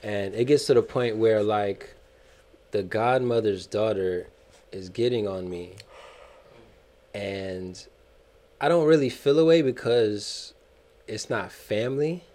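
A man on a podcast, casually telling a story in a slangy, animated way and laughing often. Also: fairly low pitch, slow pace, pauses often. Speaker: podcast cast member.

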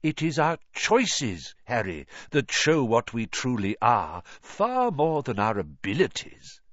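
A man voicing a wise, gentle old male headmaster who speaks softly and calmly, on a dull lo-fi recording. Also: mid-range voice, no room sound, voice pushed up, full character voice. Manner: soft, calm, measured.

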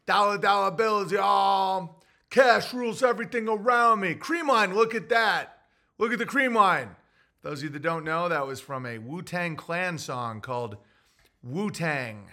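A man's voice: a little high, sharp tone. A man hosting a casual livestream, rambling offhand between topics and reading out viewer chat messages. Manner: rambling and offhand, with frequent fillers and restarts.

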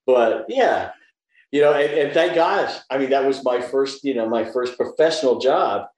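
An older man from the American South, a guest actor, telling animated stories in a casual interview and acting out the lines he quotes. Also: medium pitch, normal speed, echoey room, rough recording. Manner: animated storyteller, acts out quotes in lively voices.

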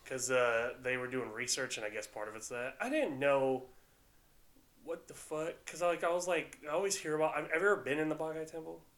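A man's voice: on the high side, a little fast, a bit bright. A young man co-hosting a casual podcast chat, cracking crude jokes. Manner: crude, wisecracking.

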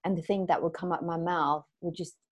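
A young woman in casual chat, relaxed, swearing freely and chiming in with a friend. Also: lowish voice, a little fast, husky.

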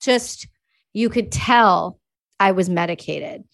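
A woman from Canada in her thirties, a podcast guest telling stories candidly and casually, swearing freely and talking quickly. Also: medium pitch, gravelly. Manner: candid, profane, quick-talking, voices quoted people. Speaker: podcast guest, army veteran. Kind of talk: casual storytelling.

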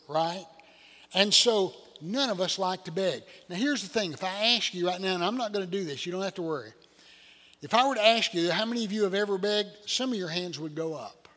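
A man's voice: high-pitched, a bit bright. An older man, preaching a folksy sermon full of rhetorical questions to his congregation. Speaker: pastor. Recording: church hall reverb.

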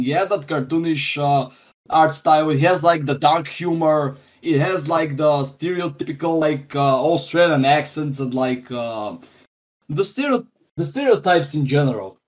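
A man speaking as a guest in a casual podcast chat, halting and full of fillers. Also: a little high.

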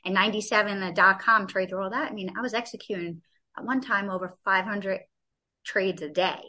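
A woman in her forties talks through her story as an interview guest, chatty and laughing easily. Her voice is bright and forceful, and she acts out the people she quotes. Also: medium pitch, fairly even intonation, brisk.

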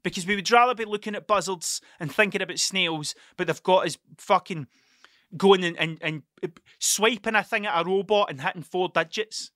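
Scottish male podcast host, crisp bright tone on a dry close mic, sweary and tangent-prone. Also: high-pitched, moderate pace, no room sound. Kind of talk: rambling monologue.

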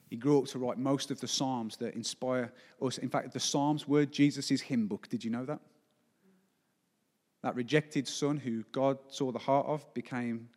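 During a church service, a forty-year-old pastor preaches with emphasis, frequently posing rhetorical questions to the congregation. His voice is medium-pitched and somewhat dark, heard in a large hall.

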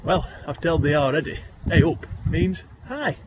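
A man's voice: on the high side, expressive, measured pace, very noisy. A man with a Yorkshire accent reciting his own rhyming poems in broad dialect, with a lilting rhythm. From Yorkshire, England. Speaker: guest poet.

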